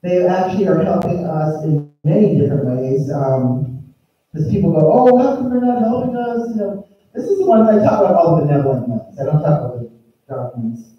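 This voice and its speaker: A woman's voice: sits low, expressive, fairly quick. A woman giving a spiritual talk while presenting slides. She is enthusiastic and rambling, with many restarts. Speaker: speaker presenting slides to an audience. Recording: echoey, distant and dull.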